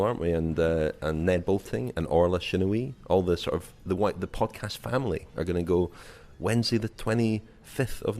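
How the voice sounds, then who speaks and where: A man hosting a podcast, introducing segments and asking long, hesitant, rambling questions. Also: deep voice. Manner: rambling, hesitant, many fillers and restarts. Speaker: podcast host. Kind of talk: casual podcast chat and interviewing.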